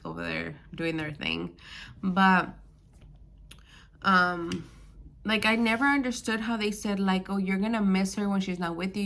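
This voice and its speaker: A woman's voice: lowish voice, a bit bright. A young woman, a new mother who is a bit under the weather, talking casually in a vlog with lots of "like" and "um.". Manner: rambling, full of "like" and "um". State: a bit sick.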